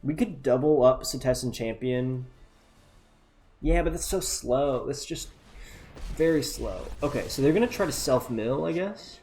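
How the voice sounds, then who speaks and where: A man giving relaxed, chatty play-by-play of a card game, thinking aloud and muttering asides to himself. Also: mid-range voice, unhurried, soft background music. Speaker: gameplay commentator.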